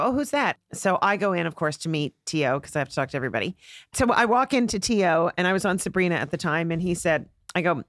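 A woman's voice: lowish voice, dry recording, studio quality. A woman comedian telling a story in casual podcast chat, acting out the voices of the people in it. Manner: animated, acts out voices in her stories. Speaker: guest comedian. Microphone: podcast studio mic.

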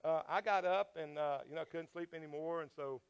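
A man's voice: fairly high pitch, a little fast, smooth. A man preaching a sermon as pastor, telling a personal story in a conversational way, with frequent fillers and questions to the congregation.

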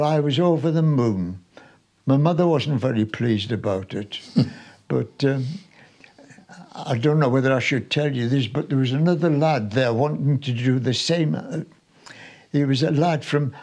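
A man in his nineties from Sunderland, a war veteran recalling his wartime memories for an interviewer in an unhurried, chatty way, with small restarts. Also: mid-range voice, a little mellow. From Sunderland, North East England. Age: 90s.

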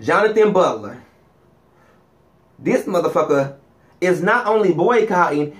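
Sassy flamboyant man, slightly high voice. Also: animated, measured pace. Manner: sassy, flamboyant, swings pitch up and down for emphasis. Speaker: vlogger. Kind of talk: profane comedic gossip monologue.

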